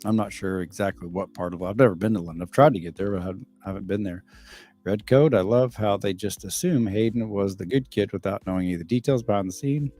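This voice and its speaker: A man's voice: fairly low pitch, fast talker, dark tone, soft background music. Blunt, profane middle-aged man streaming. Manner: blunt and profane, reads viewer comments aloud. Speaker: livestreaming father answering chat. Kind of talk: casual livestream chat.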